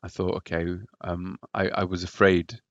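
A man's voice: deep voice, little pitch movement, moderate pace, no room sound, lo-fi sound. A man telling his own story as a podcast guest, hesitant and often repeating words. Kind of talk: personal story in a podcast interview.

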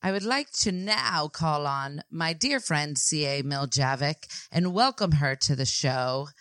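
A woman co-hosting a parenting podcast, teasing and chatty with soft asides. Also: low-pitched, animated, unhurried, dry recording, studio quality. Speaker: podcast co-host. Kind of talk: casual chat.

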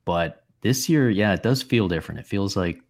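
Deep-voiced man musing over sports. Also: animated, normal speed, darkish tone. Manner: musing, thinks aloud with many restarts. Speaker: podcast co-host. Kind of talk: casual sports chat.

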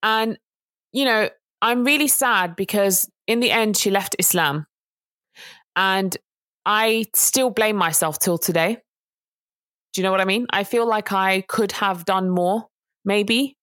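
A woman's voice: mid-range voice, fairly bright tone, no echo. A woman, co-hosting a casual chat and telling a story in an earnest way that rises to indignant emphasis. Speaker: podcast co-host.

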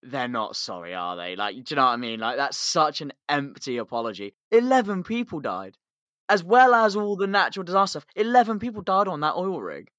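Brief: British male podcast host, bright tone, animated and sweary, dry close mic. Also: a little high, fairly quick, no echo, muffled recording. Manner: animated, swearing, laughing storyteller. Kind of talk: casual podcast chat.

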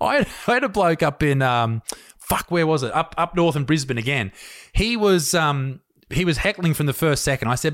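Aussie male comic, slightly high voice, sweary, animated. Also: moderate pace. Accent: Australian. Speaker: comedian. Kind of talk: casual podcast chat.

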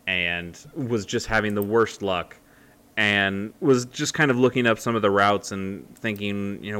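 A man's voice: lowish voice, unhurried, fairly bright tone, clean tone. A man chatting casually as a co-host, rambling with many fillers and restarts. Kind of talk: casual chat.

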